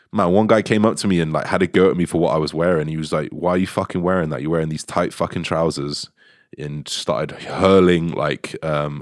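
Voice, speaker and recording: Deep-voiced guy telling stories. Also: no room sound, clean studio sound. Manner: animated, swearing, laughing storyteller. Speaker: online fitness coach, guest. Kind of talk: casual podcast storytelling.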